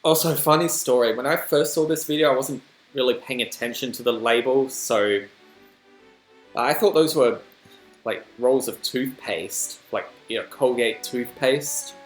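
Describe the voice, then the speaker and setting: A man's voice: mid-range voice, unhurried, faint music behind. Rambling Australian man in an echoey room. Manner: chatty, rambling, self-deprecating asides. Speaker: reaction video host. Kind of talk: casual commentary reacting to a video.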